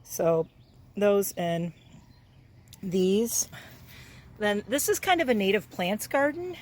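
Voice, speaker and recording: Filming on a handheld camera, a woman gives a casual tour of her backyard coop and garden, speaking slowly at medium pitch with big swings in tone. She baby-talks and coos at the chicks while chatting about her homestead.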